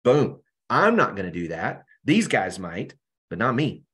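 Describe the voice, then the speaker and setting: A man's voice: lowish voice, big pitch swings, a little slow, sharp tone, full character voice. An impulsive, passionate grown disciple, as a teacher puts him on, protesting with an emphatic, insistent push. His voice climbs above the teacher's usual speaking voice when he declares his loyalty. It is heard over a video call.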